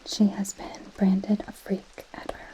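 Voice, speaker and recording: A woman's voice: mid-range voice, completely flat delivery, slow, dark tone, low-quality recording. A woman in a whispered role-play as a possessive goth girl friend, reading a book aloud and mocking it with dry sarcasm. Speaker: ASMR creator.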